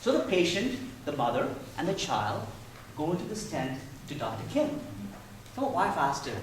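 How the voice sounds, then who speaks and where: A man in his thirties giving a prepared contest speech in playful, animated storytelling. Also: on the high side, normal speed, a little hiss or hum. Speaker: contest speaker. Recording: echoey hall, mic far off.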